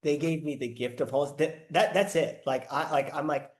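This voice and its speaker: A man hosts a casual podcast interview, speaking slowly in a reflective, halting way. His voice echoes in the room. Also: on the high side, steady tone. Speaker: podcast host.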